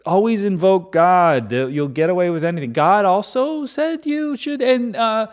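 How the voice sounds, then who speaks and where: A man's voice: high voice, animated, pitched above the performer's own voice. A man putting on the voice of guilty brothers, pleading and fumbling as they plead for forgiveness. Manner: mock-pleading, halting. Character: exasperated ancient brothers, pleading and wheedling.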